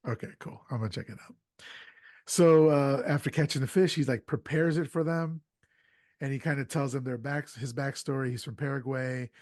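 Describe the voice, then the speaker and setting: A man's voice: medium pitch, fairly even intonation, darkish tone, no echo. Podcast host, man, mid voice, dry booth sound, chatty plot recapper. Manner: retells plot with quick acted quotes. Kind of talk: casual movie recap chat.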